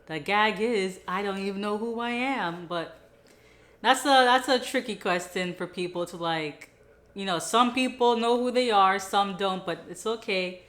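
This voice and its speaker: A young woman talking casually and upbeat in a motivational vlog, chatty and quick to laugh. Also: mid-range voice, fairly bright tone. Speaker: vlogger.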